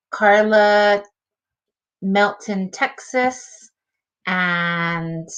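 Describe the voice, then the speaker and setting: A woman hosting a community livestream, enthusiastically greeting viewers one by one by name. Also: mid-range voice. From Lakota and Taos Pueblo. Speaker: host. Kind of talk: welcoming a livestream audience.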